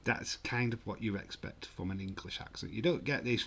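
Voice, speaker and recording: A man with a fairly low voice hosts a live football watch-along. He chats casually and reads comments out loud. His tone is jokey and full of teasing. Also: moderate pace, few pauses. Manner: chatty, jokey, mock-offended. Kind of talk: casual live-stream chat, reading comments.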